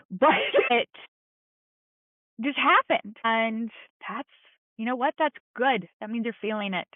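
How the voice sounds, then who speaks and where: A woman's voice: on the high side, slow pace, pauses often, dry recording. Woman guest talking straight from the heart, plain-spoken and reassuring, sounds like a phone line. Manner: earnest, encouraging, plain-spoken. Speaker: podcast guest. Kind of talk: candid heartfelt conversation. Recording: tinny phone-like line, dry.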